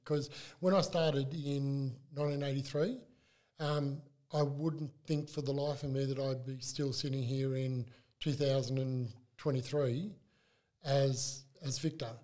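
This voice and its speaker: An older Australian man chatting as an interview guest, telling stories in a halting, animated way with frequent restarts. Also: medium pitch. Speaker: club mascot performer, guest. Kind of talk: casual interview chat.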